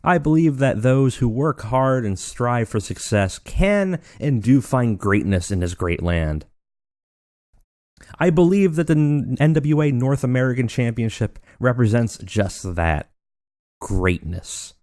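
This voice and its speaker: A man's voice: mid-range voice, lively intonation, measured pace, a little mellow, dry recording, clean studio sound, voice pushed up, natural voice. A man reading as a proud wrestling champion. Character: proud male wrestling champion cutting a promo.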